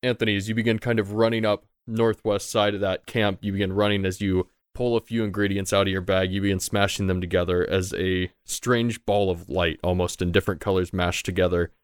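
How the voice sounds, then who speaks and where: A man with a deep, smooth and resonant voice narrates as the game master of a tabletop role-playing game. He describes scenes loosely and casually, with plenty of fillers, recorded close and dry. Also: flat delivery, a little fast, few pauses, no echo.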